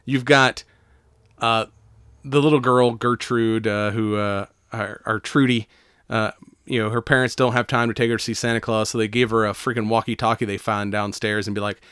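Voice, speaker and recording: A man co-hosting a casual podcast, retelling a movie in a loose, rambling way with plenty of swearing and laughter. His voice is smooth and clear. The sound is dry and close. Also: fairly low pitch, steady tone, moderate pace, fairly bright tone, no room sound. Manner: profane, rambling, laughs often. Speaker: podcast co-host.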